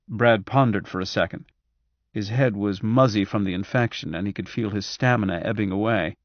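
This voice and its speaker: A man narrating an audiobook, reading in a measured, even way. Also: on the low side, no room sound, highs cut off. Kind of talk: scripted narration.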